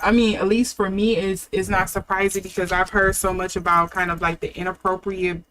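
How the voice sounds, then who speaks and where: A woman's voice: medium pitch, a bit bright, slight background noise. A young adult woman giving a casual tarot reading, thinking aloud with fillers and restarts. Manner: chatty, thinking aloud, with fillers and self-corrections. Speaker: tarot reader.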